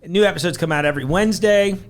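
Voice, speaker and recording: A man's voice: high-pitched, fast talker. A man hosting a casual podcast, taste-testing snacks with friends and joking around. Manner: jokey, animated, puts on silly voices. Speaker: podcast host. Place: indoors in a store.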